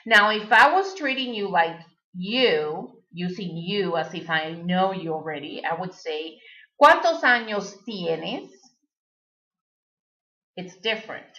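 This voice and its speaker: A woman's voice: on the low side, animated, takes it slowly, sharp tone. A native Spanish-speaking woman giving a recorded language lesson, patiently repeating words for the learner. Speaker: Spanish teacher. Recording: dull lo-fi recording.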